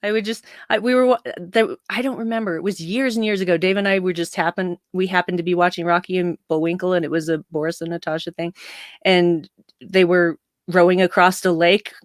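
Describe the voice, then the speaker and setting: A woman's voice: on the low side, fairly even intonation, fairly quick, no room sound, studio quality. A woman co-hosting a casual fan discussion, enthusiastic and playful. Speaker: podcast co-host.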